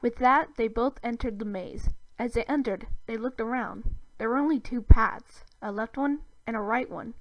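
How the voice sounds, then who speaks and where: A woman reading a fan fiction story aloud in a steady, plain narration. Her voice sits slightly high and the recording is dry and close, with no room sound. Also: moderate pace, dry recording, low-quality recording.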